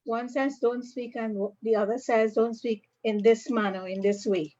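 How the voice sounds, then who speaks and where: A woman's voice: a little high, steady tone, moderate pace, warm tone. Woman student on a dull video call. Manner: thoughtful, explains carefully. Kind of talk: answering in online class.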